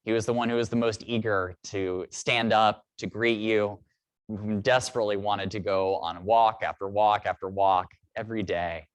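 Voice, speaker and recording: Low-voiced priest telling a story. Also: male voice, fairly even intonation, clean tone, no room sound. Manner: reflective storytelling, measured with pauses. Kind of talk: sermon. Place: church.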